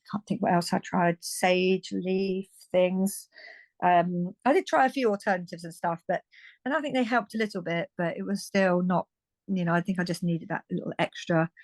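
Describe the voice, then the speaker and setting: A woman's voice: on the low side, no room sound. A British woman in her fifties, a guest telling her story in a frank, chatty way, often restarting and laughing lightly. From United Kingdom. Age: 50s. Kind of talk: candid conversational storytelling.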